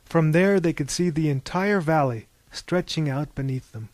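A man's voice: on the high side, normal speed, a little mellow, no echo. A man reading an audiobook in a wry, mock-epic storytelling tone. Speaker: audiobook narrator. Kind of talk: scripted narration.

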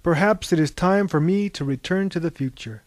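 Harvey, a grandiose dreamer, as a narrator puts him on. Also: male voice, on the high side, normal speed, darkish tone, no echo, close to an everyday voice. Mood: lofty. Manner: lofty, theatrical phrasing.

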